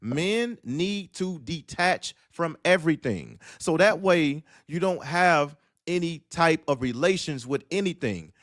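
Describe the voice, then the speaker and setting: A man's voice: on the high side, expressive, a little slow, fairly bright tone, no room sound, clean studio sound. A man on an online talk panel, ranting in a casual, emphatic and repetitive way and acting out the voices in his stories. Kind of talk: casual commentary rant.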